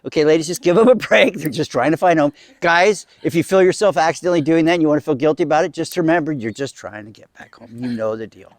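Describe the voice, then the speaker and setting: A man's voice: on the high side, fast talker, hardly any pauses, no echo. Chatty man telling a comic story. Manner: casual, chatty, acting out voices in quotes. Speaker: comedic storyteller. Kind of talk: live comedic storytelling to a small audience.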